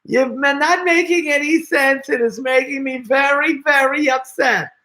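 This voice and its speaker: A man putting on the high voice of a fussy, upset elderly woman on the phone. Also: unhurried, sharp tone, full character voice. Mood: indignant. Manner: high falsetto, indignant and flustered.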